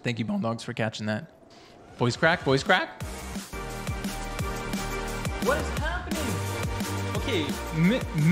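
A young man live-streaming a game, chatty and excitable, reading chat aloud and reacting playfully. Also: high voice.

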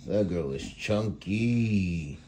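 Man, casual vlogger, very deep voice, dark tone, laid-back rambling, phone-recorded indoors. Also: lively intonation, extremely slow, slight background noise. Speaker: dog breeder vlogger. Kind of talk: casual vlog. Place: indoors at home kennel.

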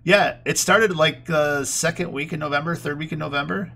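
A young man hosting a podcast, laid-back and quick to laugh, swearing casually as he chats. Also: a little high, vocal fry, bright, forceful tone. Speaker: podcast host. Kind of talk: casual chat.

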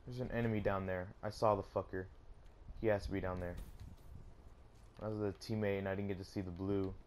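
A man's voice: deep voice, little pitch movement, a little fast, darkish tone, a little hiss or hum. A young man commentating his own gameplay, swearing constantly and letting out sudden angry outbursts. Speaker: gaming YouTuber.

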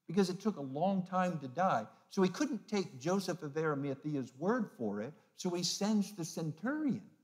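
A man preaching as a pastor, emphatic, swinging between loud peaks and hushed low phrases, and acting out the mocking voices of the crowd. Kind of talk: sermon.

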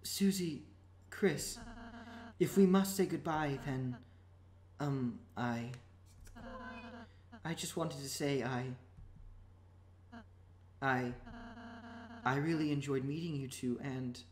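A shy, gentle young prince from a game fan dub, played by a woman, soft-spoken and stumbling over his words. The voice sits low yet wanders up and down a lot. It rings in an echoey room. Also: lively intonation. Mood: timid. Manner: soft, halting and apologetic.

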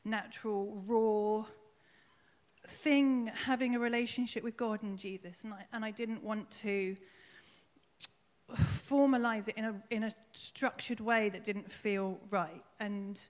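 Telling her faith story at a church service, this woman is nervous and emotional, and ums fill her baptism testimony. Her voice is mid-range and darkish, with fairly even intonation and a slightly slow pace, and the church hall gives it a big-room sound.

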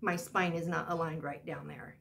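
A woman's voice: low-pitched, steady tone, normal speed, gravelly, fairly bright tone. An older woman vlogging, telling a personal story in a chatty, rambling way full of asides.

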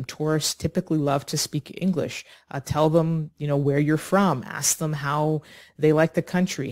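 A woman teaching an online English lesson, speaking slowly and clearly in an encouraging way. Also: low voice, darkish tone. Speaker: ESL teacher.

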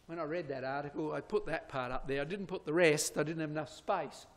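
A man's voice: a little high, fairly quick, hardly any pauses. A man giving a sermon-style Bible prophecy lecture to his congregation. He speaks emphatically, points at slides and asks rhetorical questions. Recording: long hall reverb.

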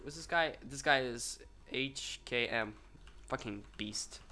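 A man giving live commentary on his own game, excitable and profane, swinging between mutters and sudden shouts. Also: mid-range voice, takes it slowly, a little hiss or hum.

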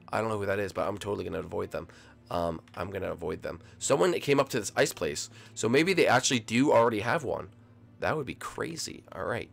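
A teenage young man giving excitable gameplay commentary to his viewers, dropping to a mumble and then bursting into yells. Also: mid-range voice, creaky. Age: late teens. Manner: excitable, swings from mumbling to yelling; addresses viewers as folks. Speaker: gaming video host.

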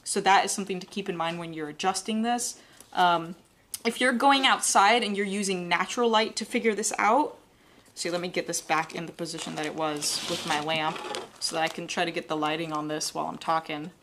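A woman teaching a live drawing class, explaining in a relaxed, chatty way while she sketches. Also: fairly low pitch, fairly quick, slight background noise. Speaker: art instructor.

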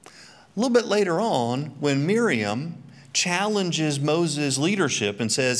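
Middle-aged male Bible teacher, animated pitch, quips at his own expense mid-lesson. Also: slow pace. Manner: joking, self-mocking asides. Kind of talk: church teaching talk.

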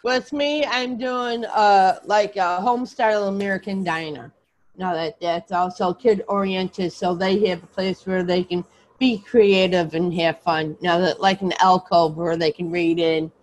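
Adult student, middle pitch, halting delivery on a video call. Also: steady tone, low-quality recording. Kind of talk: online class discussion.

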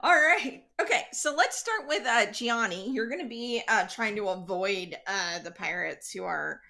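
A woman's voice: medium pitch, expressive, measured pace, vocal fry, pushed and bright. Chatty woman running a tabletop game. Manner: loose and chatty, full of fillers. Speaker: game master.

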